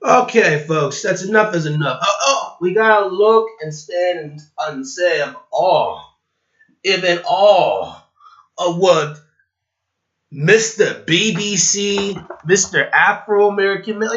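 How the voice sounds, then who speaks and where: A man's voice: sits high, expressive, unhurried, fairly bright tone. A man ranting in a rambling reaction commentary, sighing and repeating himself. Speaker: online commentator. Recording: roomy, dull lo-fi recording.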